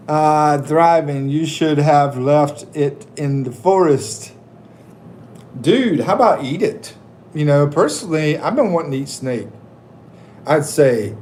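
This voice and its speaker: Slow, jokey man on a livestream. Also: on the high side, a little mellow, a little hiss or hum. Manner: jokey, laughing, chatting with viewers. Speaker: livestream host and expat coach. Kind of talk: casual livestream chat.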